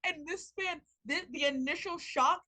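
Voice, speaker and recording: A young woman hosting a podcast in casual chat, animated, swearing and laughing as she tells a story. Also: high voice, moderate pace, poor audio. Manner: animated, laughing, swearing, heavy use of filler words. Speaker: podcast host.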